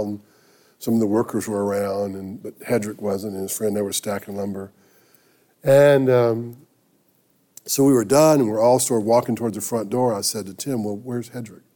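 A male pastor delivers a sermon through a personal story. His voice is mellow and warm, and he talks conversationally, often pausing and restarting his sentences. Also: on the low side.

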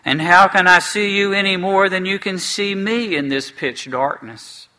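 A gruff, stubborn dwarf from a storybook, raised in pitch and pushing loud, scornful and quick to shout, as a man reads him aloud. The tone is bright and sharp-edged. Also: full character voice. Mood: surly scorn. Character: surly gruff male dwarf, blind, stubborn.

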